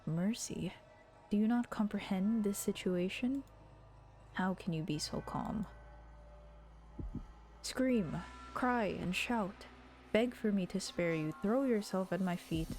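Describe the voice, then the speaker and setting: A woman voicing a tormented, self-loathing male beast in a visual novel read-through, with a halting, stammering delivery. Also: medium pitch, a little mellow, soft background music, lightly acted. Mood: demanding.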